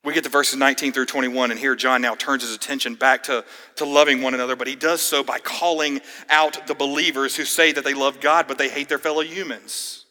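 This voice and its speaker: A man's voice: medium pitch, steady tone, fairly quick, hardly any pauses, bright, forceful tone. A man preaching a sermon as pastor, earnest and emphatic, asking the congregation pointed questions. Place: church sanctuary. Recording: hall reverb.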